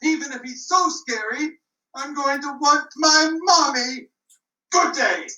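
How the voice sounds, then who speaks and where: A woman's voice: high-pitched, pushed and bright, reverberant, recorded from a distance, pitched above the performer's own voice, exaggerated voice, poor audio. A woman voicing a pompous, stern male village police officer who speaks in a blustery, indignant way, in a puppet show. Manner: blustery and indignant, slow deliberate speech.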